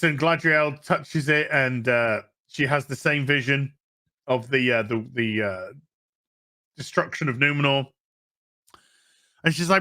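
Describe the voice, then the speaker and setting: Yorkshire man, high-pitched voice, bright and sharp tone, sweary sarcastic recap. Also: slow, pauses often. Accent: Yorkshire English. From England. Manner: sarcastic, profane, mocking; puts on mocking voices for characters. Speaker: TV review host. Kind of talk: ranting episode recap.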